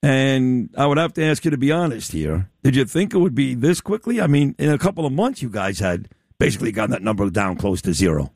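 A man's voice: lively intonation, brisk, a little mellow, no echo, studio quality. A man hosting a radio interview, talking emphatically and teasingly to his guest. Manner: emphatic, sweeping pitch swings, teasing. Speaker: radio host. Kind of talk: opinionated talk radio interview.

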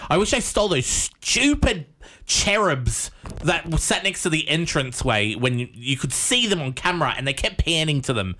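Animated chatty man, lively pitch. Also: moderate pace, a little hiss or hum. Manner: animated storyteller, exasperated asides. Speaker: podcast co-host. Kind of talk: casual chat.

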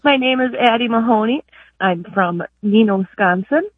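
A woman's voice: on the high side, expressive, normal speed, husky, dry recording. Eager woman caller on a phone line. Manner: eager, explains a word at length. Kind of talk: phone call to a radio show.

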